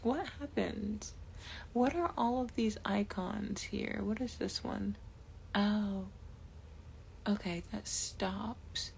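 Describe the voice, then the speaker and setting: A woman talks unhurriedly on a casual live stream, her voice carrying a gravelly fry. She rambles and thinks aloud, dropping into soft whispered asides now and then. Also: mid-range voice, slow pace, a little hiss or hum. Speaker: tarot reader and jewelry maker.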